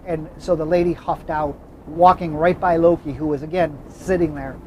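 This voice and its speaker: A man's voice: a little high, fairly even intonation, moderate pace, dark tone, a little hiss or hum, rough recording. A man hosting a travel vlog, telling rambling anecdotes inside a moving car. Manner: rambling, self-correcting anecdotes. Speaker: vlog host. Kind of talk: casual storytelling chat.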